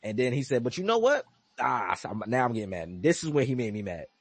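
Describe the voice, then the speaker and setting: Man, husky voice, lively pitch, podcast recap host, acts out quotes. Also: quick pace, no room sound. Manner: animated storytelling, acts out quotes, swears. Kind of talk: casual wrestling recap chat.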